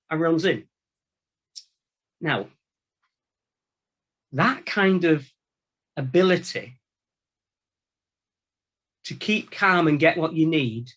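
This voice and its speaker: High-voiced priest telling prison stories. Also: male voice. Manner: storytelling, animated anecdotes with quoted voices; informal, colloquial phrasing. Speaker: Catholic priest, former prison chaplain. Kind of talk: conversational Lenten talk.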